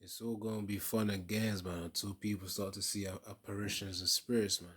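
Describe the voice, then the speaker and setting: Preachy man with a bright, forceful voice. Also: lowish voice, level tone, fairly quick, slightly rough, soft background music. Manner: preachy, peppers speech with "man", laughs often. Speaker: religious commentator. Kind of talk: casual reaction commentary.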